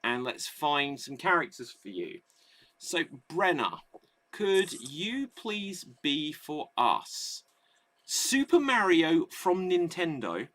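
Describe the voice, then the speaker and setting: A man's voice: fairly high pitch, sing-song, slow pace, fairly bright tone. A man hosting a live online improv comedy show, reading out audience votes and setting up games. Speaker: host.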